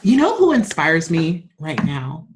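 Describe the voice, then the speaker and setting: Lower-voiced woman sharing stories with laughs. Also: huge pitch swings, a little slow. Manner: warm, laughing, openly emotional storyteller. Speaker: interview guest. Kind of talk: casual interview chat.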